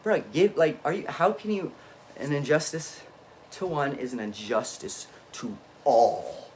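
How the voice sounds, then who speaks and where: A man in an unscripted, rambling monologue, swinging between low muttering and emphatic outbursts and often cutting himself off mid-thought. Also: unhurried, darkish tone, slight background noise. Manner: frequent self-interruptions and restarts. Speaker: vlogger.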